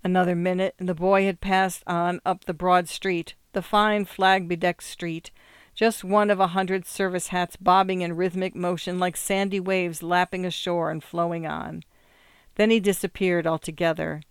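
A narrator reading a story aloud in a measured, expressive way. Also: medium pitch, clean tone, dry recording, studio quality. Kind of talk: audiobook reading.

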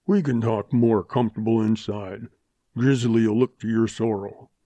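A man voicing a grumbling, irritable old one-legged rancher with a gruff western drawl. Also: fairly low pitch, steady tone, unhurried, mellow, no echo. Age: older.

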